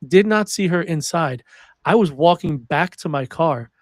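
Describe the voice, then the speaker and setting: Young guy podcast host, kinda high voice, dry close sound, tells stories all fired up. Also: unhurried, dry recording. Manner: animated storyteller, swears freely. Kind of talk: casual chat.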